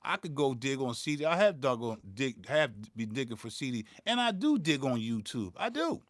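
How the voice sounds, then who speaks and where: A man's voice: medium pitch, big pitch swings, moderate pace, a bit bright, no room sound, clean studio sound. A man, hosting his own beatmaking channel and ranting in a profane, heated way, stumbling and repeating words as he gets worked up. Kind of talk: livestream rant.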